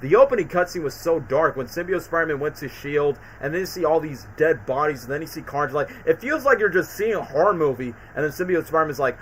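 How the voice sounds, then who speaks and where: A man's voice: on the high side, fairly quick, few pauses, fairly bright tone, slight background noise, poor audio. A man hosting a live stream, rambling enthusiastically about video games with lots of fillers. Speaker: streamer host. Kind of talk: casual live-stream chat.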